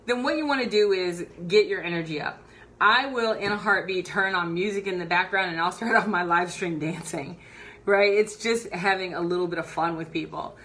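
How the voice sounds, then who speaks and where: A woman coaching viewers on camera in a live video tutorial. Her voice is bright and forward, her delivery upbeat and animated. She moves around her indoor office while she talks, so she sometimes drifts a little off the mic. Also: mid-range voice.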